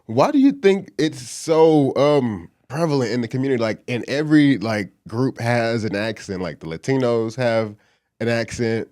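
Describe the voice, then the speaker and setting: A man's voice: mid-range voice, animated, moderate pace, a little mellow, no room sound, studio quality. A man from Dallas, co-hosting a casual chat, blunt and laughing as he pushes his point. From Dallas, Texas. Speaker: podcast co-host.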